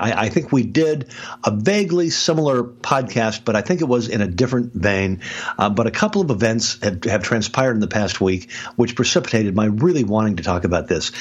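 Husky man telling an animated story. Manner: animated storyteller with frequent restarts and big pitch jumps. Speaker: podcast guest expert, speaker and author. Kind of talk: casual storytelling conversation.

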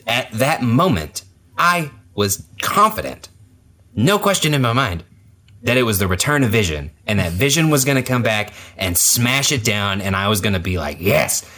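A man's voice: mid-range voice, lively intonation, moderate pace, bright, forceful tone. A man in a casual chat who tells a story animatedly and acts out reactions.

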